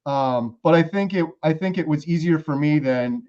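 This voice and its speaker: A man's voice: on the high side, normal speed, a little mellow, muffled recording. A man hosting a casual interview, supportive with short agreeing replies. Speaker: host.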